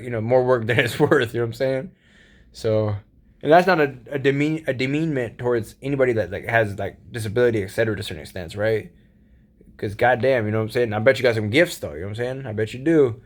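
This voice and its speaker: A man giving a casual late-night monologue, rambling and profane with laid-back slang, often laughing as he talks. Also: mid-range voice. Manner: laughs often while talking. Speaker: solo vlogger.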